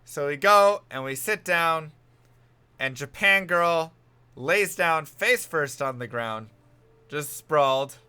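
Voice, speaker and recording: A man's voice: fairly high pitch, animated, slow pace, sharp tone, smooth. A man telling a rambling, self-mocking story in casual chat while streaming a game.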